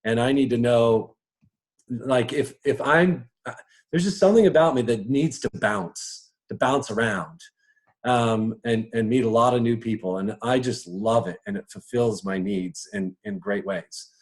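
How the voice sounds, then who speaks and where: A man coaching on personal strengths in a casual live talk to an audience. He chuckles often and slips into quick voices as he talks. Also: mid-range voice.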